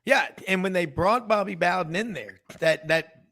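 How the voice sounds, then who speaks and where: A man's voice: high-pitched, moderate pace, bright, forceful tone. A man hosting a sports radio talk show, telling rambling stories full of asides and restarts.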